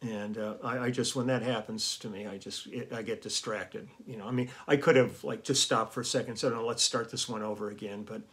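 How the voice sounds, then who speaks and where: A man's voice: medium pitch, steady tone, fairly quick, hardly any pauses, a bit bright, a little hiss or hum. A man hosting his own vlog, telling a casual, rambling story with chuckles and fillers. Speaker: vlog host and musician.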